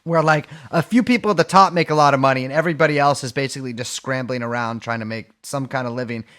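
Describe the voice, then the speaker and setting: A man's voice: medium pitch, quick pace, fairly bright tone. A man co-hosting a podcast, talking casually with a sardonic, swearing edge. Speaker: podcast co-host.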